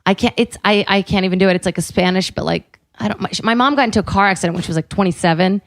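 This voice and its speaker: Female comedian guest, mid pitch, chatty, dry close sound. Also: racing, vocal fry, no echo. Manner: chatty, laughs often. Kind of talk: casual podcast chat.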